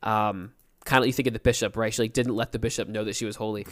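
A man's voice: lowish voice, fairly even intonation, quick pace, fairly bright tone. A young man co-hosting a podcast in casual chat, telling a story with energy and acting out the quotes. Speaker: podcast co-host.

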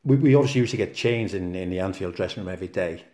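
Fast-talking Danish man with Scouse lilt. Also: low voice. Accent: Danish with a Liverpool lilt. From Denmark. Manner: animated, acts out quotes. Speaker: former footballer guest. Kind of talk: anecdotal interview storytelling. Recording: roomy echo.

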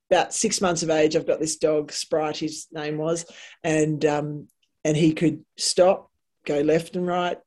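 Gravelly Australian woman telling yarns. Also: sits low. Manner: animated yarn-spinning, acts out quotes. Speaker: guest. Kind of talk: casual storytelling.

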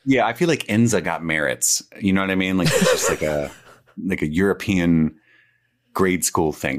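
A man's voice: sits low, moderate pace. A man co-hosting a podcast, joking and riffing casually with laughing asides. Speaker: podcast co-host. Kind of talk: casual chat.

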